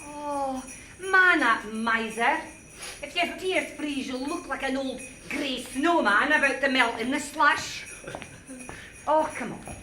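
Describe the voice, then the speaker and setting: A woman's voice: high voice, slow pace, sharp tone, far from the mic, faint music behind, exaggerated voice. A woman playing the bossy, teasing ghost of an old grandmother, scolding and mocking her grandson in a live stage play. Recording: echoey stage, recorded from afar, faint noise.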